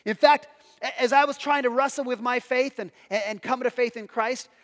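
High-voiced pastor preaching in an echoing hall. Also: male voice, fairly even intonation, normal speed, fairly bright tone. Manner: conversational, self-deprecating storytelling with many restarts. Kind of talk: sermon.

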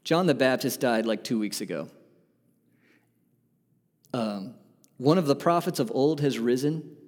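A man's voice: mid-range voice, animated, unhurried, a little mellow. Earnest male pastor preaching in a hall. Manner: earnest, emphatic preaching with rhetorical questions. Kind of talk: sermon.

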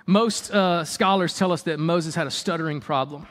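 A man's voice: a little high, normal speed, hardly any pauses, big-room sound. A man preaching a sermon in a conversational, emphatic way, with mock-exasperated asides.

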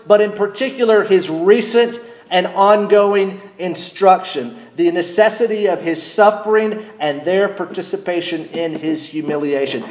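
A middle-aged man preaching a sermon as pastor, speaking deliberately and asking his congregation questions. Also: on the high side, a little mellow, roomy sound.

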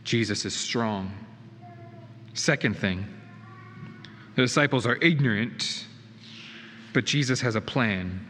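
A man's voice: medium pitch, takes it slowly, long pauses, a bit bright. Guy preaching in a church, earnest and emphatic, long echo off the hall, faint hiss behind. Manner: earnest, emphatic, with rhetorical questions. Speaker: pastor. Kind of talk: sermon. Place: church sanctuary. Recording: reverberant hall with faint noise.

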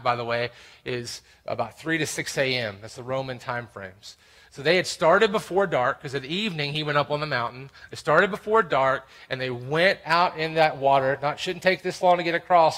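A man's voice: on the high side, a bit bright. A man preaching to a congregation as pastor, reading scripture aloud and explaining it with earnest, emphatic stress. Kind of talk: expository sermon.

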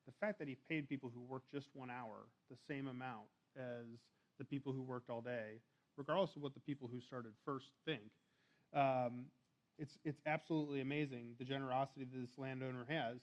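Male preacher, easygoing conversational sermon, middle pitch, a bit lo-fi. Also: steady tone, fairly quick. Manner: conversational, restarts and fillers, reads scripture aloud.

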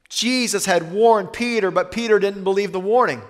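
High-pitched guy preaching, earnest, goes slow and quiet on heavy parts, echoey hall. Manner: earnest, slows and softens for weighty lines. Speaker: pastor. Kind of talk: sermon.

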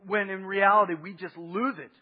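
In a large hall, a male pastor delivers a sermon in a chatty way, interrupting himself with rhetorical asides. His high voice is slightly rough, with fairly even intonation at normal speed. The recording sounds a little muffled and dull.

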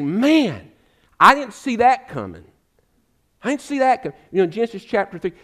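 A man preaching a sermon as pastor, fervent and emphatic, calling his listeners friend. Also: high voice.

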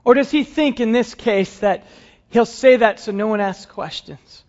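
High-voiced male preacher telling a story. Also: measured pace. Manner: dramatic storytelling, dropping to hushed tones. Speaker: pastor. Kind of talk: sermon. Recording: dull lo-fi sound.

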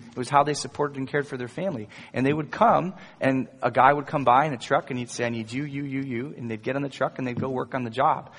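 A male pastor preaching a sermon in an animated way, rising into emphatic quotes. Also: medium pitch. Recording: echoey hall, long reverb.

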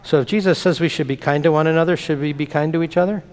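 A man's voice: fairly high pitch, fairly even intonation, fast talker, darkish tone. A man leading a children's message in church, talking simply and playfully with the kids. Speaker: pastor. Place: church sanctuary. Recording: long reverb of a church hall.

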